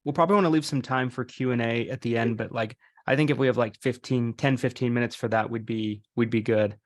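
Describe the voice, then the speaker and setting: A man hosting an online interview, talking in a relaxed way and repeating himself. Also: medium pitch, fast, no echo, clean studio sound. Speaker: host. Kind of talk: casual interview chat.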